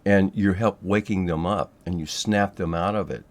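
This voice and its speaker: A man teaching a spiritual technique in a loose, rambling monologue, swearing freely and filling pauses with ums and yeahs. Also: sits low, steady tone. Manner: loose and profane, rambling with many fillers. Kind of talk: casual monologue to camera.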